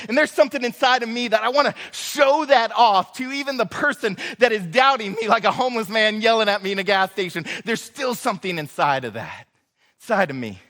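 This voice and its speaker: A man's voice: very high-pitched, fairly bright tone. A man, preaching a sermon as a pastor, telling a story in a casual, joking way with many fillers. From Northwest Arkansas. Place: church sanctuary. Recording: reverberant church hall.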